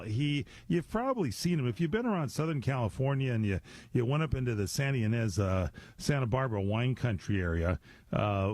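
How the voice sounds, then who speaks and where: A man's voice: on the low side, dry recording. Guy hosting a radio show, bouncy voice, talks in loops, dry studio sound. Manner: animated, rambling, chatty with restarts. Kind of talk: casual radio interview.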